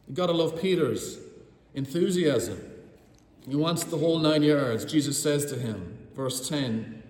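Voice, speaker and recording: A preacher delivers a sermon with vivid storytelling and speaks straight to his listeners. His voice sits slightly high for a man. It rings through a roomy hall with a long reverb trailing behind each phrase. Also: a little slow, darkish tone. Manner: vivid storytelling, addresses the congregation.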